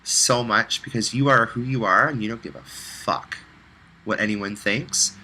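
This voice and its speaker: A man's voice: fairly low pitch, a little slow, bright, forceful tone, low-quality recording. A man recording a heartfelt, rambling personal video message, close to tears at times.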